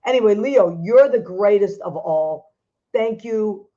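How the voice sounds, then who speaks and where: A middle-aged woman hosting a casual chat show, animated and quick to laugh. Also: mid-range voice, highs cut off. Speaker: host.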